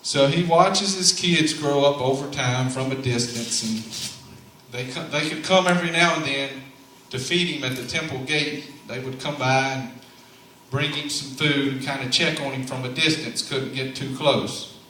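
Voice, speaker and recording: Speaking at normal speed in a sharp-toned, medium-pitched voice, a man recounts a Bible story during a church play with a folksy drawl and preacherly side remarks. It was captured from far off by a camera in a large, very reverberant sanctuary, carrying a little hiss or hum.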